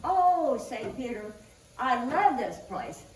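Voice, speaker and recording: A sly cat gushes with delight, as a woman puts it on in a joke. The voice rises a little higher and louder in an echoey room. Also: big pitch swings, slow, far from the mic, a little hiss or hum.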